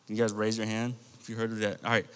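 A man's voice: lowish voice, completely flat delivery, rapid-fire, a bit bright, clean tone. An American man preaching to a youth group in a casual, storytelling way and speaking directly to the kids. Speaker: youth pastor. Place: church youth hall. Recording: long reverb from a large hall.

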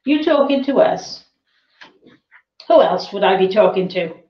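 A woman's voice: medium pitch, animated, a little slow, close to an everyday voice. A woman voicing a smug flock of joking sheep who tease and mock, in a children's book reading. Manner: smug, mocking, teasing. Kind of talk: reading a children's novel aloud. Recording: roomy, dull lo-fi sound.

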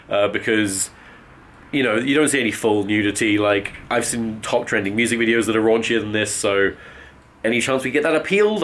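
A man's voice: on the low side, fairly bright tone. A man talks straight to camera in a loose vlog style, rambling through his week. He starts sentences over and over as he goes. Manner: chatty, rambling with frequent restarts. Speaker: vlogger. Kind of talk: casual vlog.

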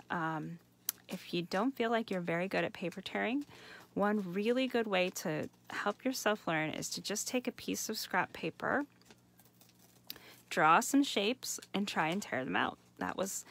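A woman's voice: on the low side, gravelly, fairly bright tone. A woman hosting a live craft demonstration, chatty and enthusiastic, talking to viewers as you guys. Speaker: craft host. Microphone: home setup for a live stream.

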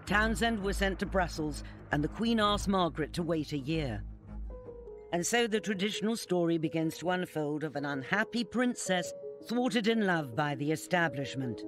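A man narrates a documentary from a script at a measured, even pace. His voice sits somewhat high. Clear music plays underneath.

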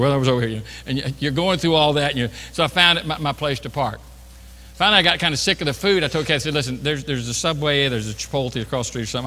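This middle-aged pastor has a mid-range voice with a sharp edge, rambling through a self-mocking anecdote in his sermon with plenty of false starts. He speaks in a church sanctuary, and the hall's echo is audible.

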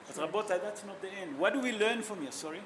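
Preaching as a rabbi, this man talks quickly and with animation, his voice sitting high against a noisy background. His sermon is full of emotional stories and questions aimed at the audience, all in simple, non-native English.

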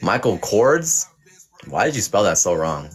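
Deep-voiced young man teasing his chat. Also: big pitch swings, husky, faint music behind. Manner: teasing, profane, quick verdicts. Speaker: livestream host. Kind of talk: playful mock teacher reading live chat.

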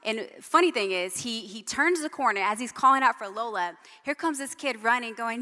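A woman's voice: a little high, animated, moderate pace, few pauses, pushed and bright. A middle-aged woman preaching a sermon, telling personal stories in a conversational way with frequent "right?" asides. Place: church hall. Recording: long church hall reverb.

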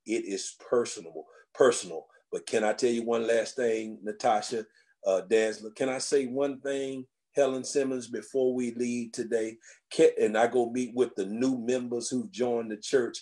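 A man preaching a sermon as senior pastor of a church, speaking with a rising, whooping cadence with drawn-out phrases. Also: mid-range voice, fairly even intonation, warm tone. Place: church sanctuary.

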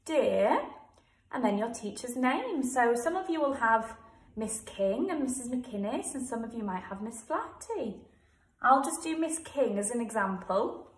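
English teacher in an echoey room. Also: female voice, fairly high pitch, animated, far from the mic. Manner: slow, sounds words out letter by letter. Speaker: primary school teacher. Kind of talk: home-learning writing lesson for young children.

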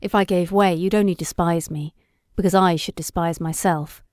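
A woman voicing an earnest young Victorian gentleman scientist, speaking low and quietly as he pleads. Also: steady tone, normal speed, no echo, studio quality, natural voice. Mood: earnest pleading.

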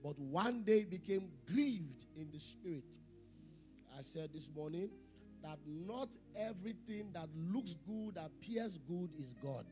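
High-voiced man preaching a sermon. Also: animated, measured pace, music in the background. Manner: preaching with call-and-response questions and repeated phrases; swings between loud emphasis and quiet asides. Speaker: pastor.

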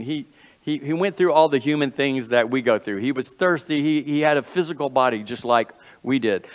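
Man preaching in a reverberant sanctuary. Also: medium pitch. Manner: earnest, folksy preaching with repeated phrases and self-corrections. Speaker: pastor. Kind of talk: sermon. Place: church sanctuary.

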